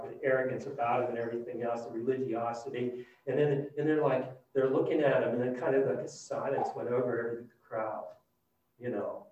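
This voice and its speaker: A man with a mid-range voice preaches a sermon, retelling a scripture story and swinging dramatically between loud and hushed delivery. The recording sounds distant, dull and very echoey.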